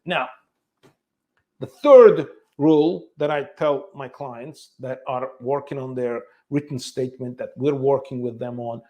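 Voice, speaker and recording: A man's voice: on the high side, mellow. A man working as an immigration attorney, explaining to the camera in a conversational, emphatic way and firing off repeated questions.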